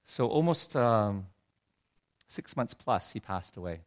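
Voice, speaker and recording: A middle-aged man telling a heartfelt personal story in a sermon, his voice dropping low and soft when he is moved. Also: lively intonation, slow. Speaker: preacher. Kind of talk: sermon testimony.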